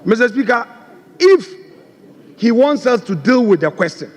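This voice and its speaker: Man, minority leader, high urgent voice, heated floor debate; long chamber reverb. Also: very animated, moderate pace. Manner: insistent, repeating his points forcefully. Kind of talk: parliamentary debate. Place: large parliament chamber.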